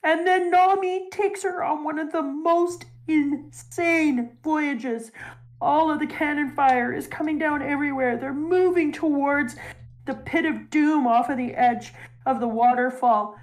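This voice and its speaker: A woman in casual chat, recapping a story arc in an animated, emotional way and laughing now and then. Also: high-pitched, measured pace.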